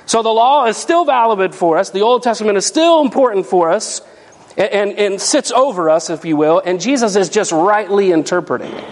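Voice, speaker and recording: A man preaching a sermon as pastor, emphatic and animated, asking the congregation rhetorical questions. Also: sits high, moderate pace. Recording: long hall reverb.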